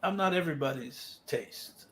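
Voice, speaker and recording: A man's voice: on the high side, normal speed, a bit bright, a little hiss or hum. A man joining a casual livestream, chatting and retelling a news story in a matter-of-fact way. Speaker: livestream guest.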